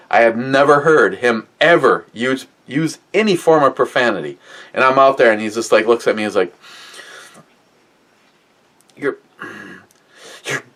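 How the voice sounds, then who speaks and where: A man's voice: mid-range voice, a bit bright. A man from Minnesota telling a family story in a casual, rambling way, full of filler words and restarts and casual swearing. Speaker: podcast co-host.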